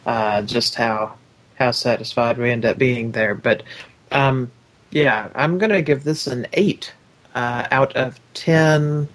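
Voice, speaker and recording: A man's voice: mid-range voice, fairly bright tone. A man hosting a podcast, talking in a casual, meandering way with lots of hesitation. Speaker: podcast host. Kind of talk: casual chat.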